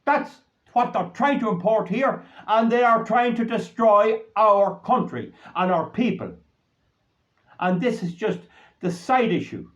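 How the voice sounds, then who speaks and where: A man's voice: sits high, big pitch swings, unhurried, fairly bright tone. Older Irish man ranting, lo-fi sound. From Ireland. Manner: indignant, repeats points emphatically. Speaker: political commentator. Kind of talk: solo monologue to camera.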